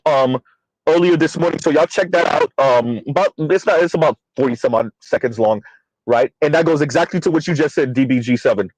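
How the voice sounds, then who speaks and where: A man's voice: a little high, darkish tone, dry recording, poor audio. A man hosting a casual commentary stream, rambling with fillers, addressing his chat and calling himself by name in third person. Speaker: commentary channel host.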